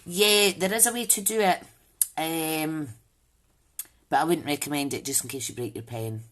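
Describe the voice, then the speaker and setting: A woman hosts a live crafting demo, chatting and rambling as she thinks aloud while working and greets viewers by name. Her voice sits low and she speaks at normal speed.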